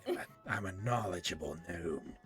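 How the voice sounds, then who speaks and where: A sly goblin in a hood, passing himself off as a gnome, speaks low and half-whispered, close and confiding, as a man puts him on. His voice drops well below the speaker's usual pitch and goes airy. Soft music plays underneath. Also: expressive, normal speed. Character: hushed hooded male goblin posing as gnome.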